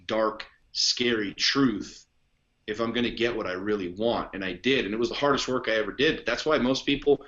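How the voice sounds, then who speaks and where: A man's voice: fairly low pitch, moderate pace, a bit bright, highs cut off. A man talking as a podcast guest and coach in casual conversation, blunt, emphatic and heavy on profanity.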